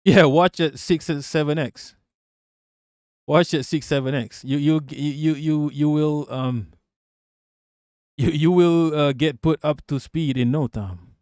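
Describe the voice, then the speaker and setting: A man's voice: on the high side, steady tone, unhurried, long pauses, darkish tone, clean tone, dry recording, studio quality. A man giving a heated, profane live-stream rant, often repeating words as he pushes on.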